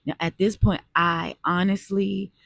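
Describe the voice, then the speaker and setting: A woman's voice: fairly low pitch, fairly even intonation, a little slow, creaky, fairly bright tone, no room sound, studio quality. A woman telling a personal story in an earnest, conversational way, talking straight to her viewers. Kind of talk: casual storytime monologue.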